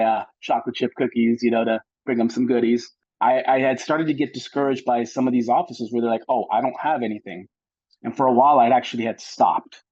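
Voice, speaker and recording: A man in an interview who talks casually and thinks out loud. His voice is mellow and darkish, and the sound is slightly muffled and lo-fi, with a middle pitch. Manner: reflective, casual, many fillers. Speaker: guest, notary signing agent. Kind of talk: interview answers. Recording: dull lo-fi sound.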